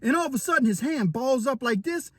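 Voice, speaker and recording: High-voiced animated male storyteller. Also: fairly quick, noisy background. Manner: animated, vivid, dramatic retelling. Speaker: storyteller, former inmate. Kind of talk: casual storytelling to camera.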